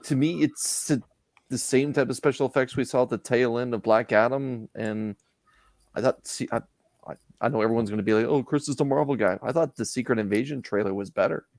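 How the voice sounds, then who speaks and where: A man co-hosting a casual podcast, talking in a halting way with many restarts. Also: medium pitch, a little mellow, no echo, clean studio sound. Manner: halting, restarts his sentences. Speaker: podcast co-host. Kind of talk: casual chat.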